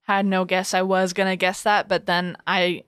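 A woman's voice: on the low side, little pitch movement, moderate pace, fairly bright tone, clear, resonant tone, dry recording, clean studio sound. A woman co-hosting a podcast, chatting casually in a rambling, self-mocking way. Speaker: podcast co-host. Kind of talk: casual comedy chat.

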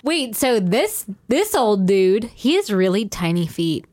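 A woman co-hosting a podcast, reading aloud and chatting casually with wry, expressive asides. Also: mid-range voice, unhurried. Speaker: podcast co-host.

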